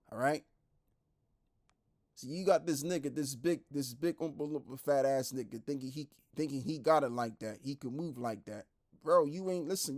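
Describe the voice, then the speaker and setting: A man preaching online, blunt and repetitive, who drops into a lower, quieter voice when he reads scripture aloud. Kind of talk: street-style preaching commentary.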